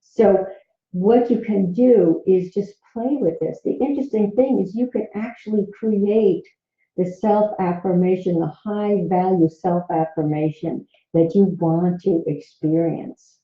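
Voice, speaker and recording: Brief: woman self-help love coach, warm encouragement with frequent laughs, echoey room, muffled audio. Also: mid-range voice, steady tone, unhurried. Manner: gentle, encouraging, laughs often. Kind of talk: motivational self-help teaching. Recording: roomy, dull recording.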